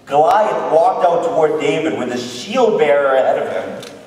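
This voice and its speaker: A man's voice: a little high, lively intonation, normal speed, darkish tone. A man preaching as a missionary, retelling a Bible story in a playful way and asking his audience questions. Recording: very echoey hall, voice from far off.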